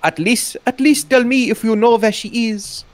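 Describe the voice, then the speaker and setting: A man's voice: extremely high pitch, steady tone, normal speed, dry recording, voice pushed up. A man voicing a worried husband pleading with a neighbor for help during a game playthrough. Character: worried man pleading for his missing wife. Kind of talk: let's play voice acting.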